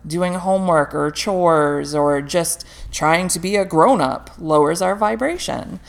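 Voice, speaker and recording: A woman's voice: on the low side, a little slow, creaky. A woman guest in casual podcast chat, talking candidly with frequent laughter and the odd swear word.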